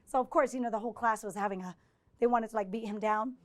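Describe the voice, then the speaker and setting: A woman's voice: fairly high pitch, steady tone, quick pace. A woman professor giving a live lecture to an audience and taking their questions. She talks in a conversational way, keeps checking in with "right?" and acts out the exchanges she quotes. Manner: conversational, often checks in with 'right?'. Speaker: visiting professor giving a presentation.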